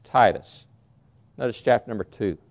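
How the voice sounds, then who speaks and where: A man's voice: fairly low pitch, expressive, normal speed, vocal fry. Emphatic preaching man, lo-fi recording. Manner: emphatic preaching, repeats key words, swings between loud and hushed. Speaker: pastor. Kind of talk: sermon.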